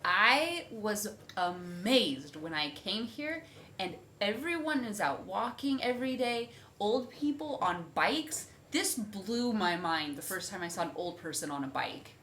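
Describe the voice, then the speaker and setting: A young American vlogger chats casually, telling animated stories and imitating other people's voices. She has a medium-pitched voice and speaks a little slowly, with a faint hiss or hum in the background.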